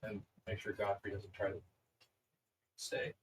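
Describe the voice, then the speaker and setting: A man's voice: fairly low pitch, monotone, measured pace, slight background noise, low-quality recording. A man playing a tabletop game, giving direct orders in character. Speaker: player.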